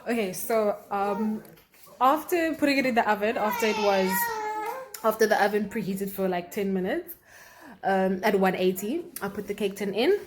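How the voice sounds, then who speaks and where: A woman's voice: mid-range voice, normal speed, noisy background. A young woman chatting casually through her baking steps in a vlog, explaining as she goes with fillers and small laughs. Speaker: vlogger.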